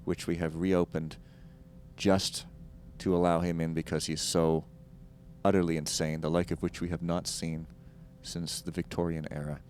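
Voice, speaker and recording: A man voicing a mock-formal announcer who makes a solemn, deadpan apology. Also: low voice, normal speed, slight background noise, close to an everyday voice. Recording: game music behind the voice.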